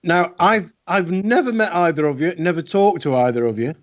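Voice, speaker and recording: Here a man with a high-pitched voice co-hosts an easygoing chat show, speaking at a moderate speed and wandering chattily with frequent fillers. The recording has the flat, lo-fi sound of an internet call.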